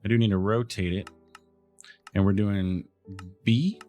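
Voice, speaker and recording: A man's voice: on the low side, steady tone, a little slow, warm tone, soft background music. A man hosting a game let's play, thinking aloud in casual commentary and talking back to the game.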